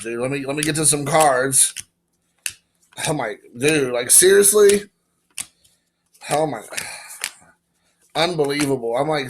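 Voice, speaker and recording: A man in his forties from Indiana, excitedly opening and showing baseball cards in a casual, rambling vlog. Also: a little high. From Indiana, USA. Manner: excited, emotional, rambling with fillers. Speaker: baseball card collector vlogger.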